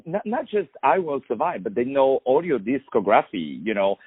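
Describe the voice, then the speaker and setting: A man from France with a French accent hosts a radio interview, speaking effusively, full of praise, and halting with fillers. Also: mid-range voice, sing-song, husky, no echo. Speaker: radio host. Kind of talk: phone interview. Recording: tinny dry phone line.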